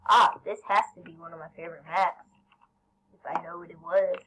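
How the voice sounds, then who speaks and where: A woman commentating her own gameplay, excitable, yelling at teammates and then apologizing. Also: lowish voice, brisk, heavy background noise. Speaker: gaming channel host.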